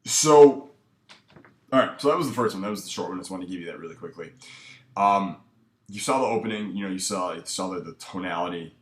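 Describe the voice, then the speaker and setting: Male dating coach, low voice, relaxed commentary, echoey room. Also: fast. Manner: laid-back, filler-heavy, with many "um" and "like". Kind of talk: casual commentary breaking down footage.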